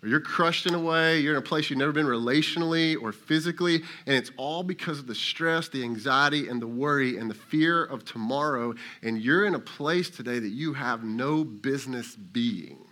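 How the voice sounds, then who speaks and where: Bright-voiced man preaching conversationally. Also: medium pitch, moderate pace, hardly any pauses. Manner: conversational preaching, acts out voices of God and Elijah. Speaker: lead pastor. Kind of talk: sermon.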